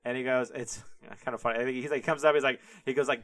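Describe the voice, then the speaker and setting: A man's voice: mid-range voice, steady tone, fast, few pauses, a bit bright, no room sound. A young man hosting a podcast, retelling a story in a casual, rambling way full of "like" and laughter. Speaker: podcast host.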